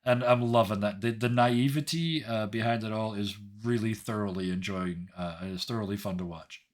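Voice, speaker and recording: A man running a tabletop game, narrating the scene and thanking his players in a chatty, animated way with many fillers. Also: lowish voice, normal speed. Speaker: game master.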